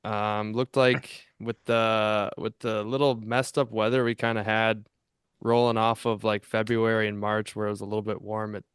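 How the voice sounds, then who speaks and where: A man's voice: on the low side, little pitch movement, normal speed, clean tone, no room sound, clean studio sound. A man co-hosting a casual fishing podcast, telling a long, rambling story with many restarts. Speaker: podcast co-host.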